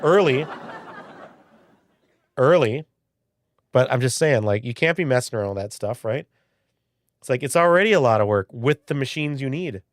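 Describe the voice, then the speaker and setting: A man's voice: medium pitch, expressive, fairly quick, no echo. A man in his early forties hosting a live stream, chatting casually and rambling, reading viewers' messages and swearing now and then. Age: early 40s. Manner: rambling, chatty, swears, reads chat aloud.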